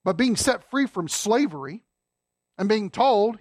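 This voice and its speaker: A man preaching a sermon as a pastor, folksy and emphatic, dropping low and quiet to stress a point. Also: sing-song, measured pace, dry recording, studio quality.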